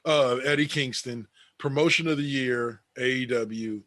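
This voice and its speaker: Casual male podcast co-host, mid pitch, dry close mic, sarcastic list-reading. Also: measured pace, fairly bright tone, dry recording. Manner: reads award list aloud with sarcastic asides and laughs.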